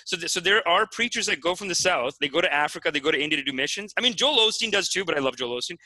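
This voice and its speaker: A young man co-hosting a casual comedic chat, excitable and laughing a lot. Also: fairly high pitch, racing, dry recording, poor audio. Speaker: co-host.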